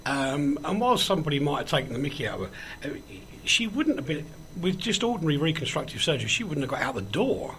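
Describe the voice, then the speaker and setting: A man's voice: a little high, big pitch swings, fast talker, fairly bright tone, a little hiss or hum. A man hosting a casual radio chat show, joking and rambling with frequent ums as he moves between banter and news. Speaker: host.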